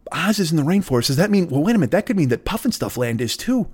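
A man rants his way through a rambling comedy riff, his voice pitched high and leaping all over the place. He swears constantly and piles one absurd tangent on another. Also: a little fast, long pauses, breathy edge. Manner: profane, excitable, absurd tangents. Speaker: podcast host.

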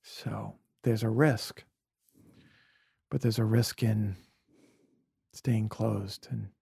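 A man from Brooklyn, a podcast guest, telling reflective personal stories in an earnest, heartfelt way, sometimes dropping to a soft near-whisper. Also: fairly low pitch, steady tone, drawn-out words, gravelly, breathy edge, dry recording, studio quality. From Brooklyn, USA. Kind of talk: earnest conversational storytelling.

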